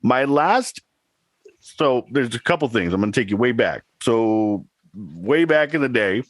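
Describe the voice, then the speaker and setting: A man's voice: mid-range voice, expressive, a little slow, a little hiss or hum. A man in his thirties, a podcast co-host, chatting casually and telling a rambling story with laughs. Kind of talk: casual chat.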